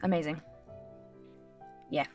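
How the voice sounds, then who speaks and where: A woman's voice: takes it slowly, music in the background. A woman playing a tabletop game, upbeat and laughing, thinking aloud through plans. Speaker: player. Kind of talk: tabletop role-play, in and out of character.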